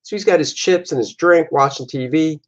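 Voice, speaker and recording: A man's voice: on the high side, normal speed. A man, a comic artist and host, casually talking through his own artwork in a loose, jokey, rambling way. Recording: dull lo-fi recording.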